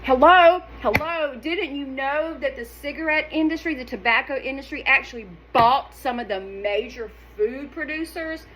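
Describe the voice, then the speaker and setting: A middle-aged woman, talking straight to her viewers in a sassy, animated, emphatic way. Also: a little high, slight background noise, rough recording. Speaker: wellness vlogger. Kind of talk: casual direct-to-camera talk.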